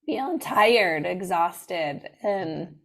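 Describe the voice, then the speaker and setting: Woman, podcast co-host, bubbly, upbeat, lively intonation, casual. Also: lowish voice, very slow. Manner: bubbly, upbeat, often says "like".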